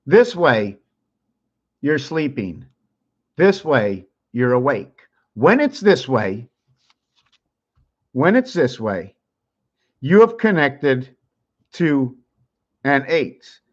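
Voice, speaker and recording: A man's voice: medium pitch, very animated, extremely slow, long pauses. A man hosting his own channel who explains things while drawing, thinking aloud in a wandering way and repeating words. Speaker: channel host. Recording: dull lo-fi sound.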